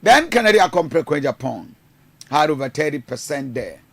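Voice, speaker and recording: A man's voice: fairly high pitch, big pitch swings, moderate pace, gravelly, a bit bright, dry recording. A man with a Ghanaian accent giving rambling, hesitant political commentary, mixing in Twi phrases. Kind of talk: casual news commentary.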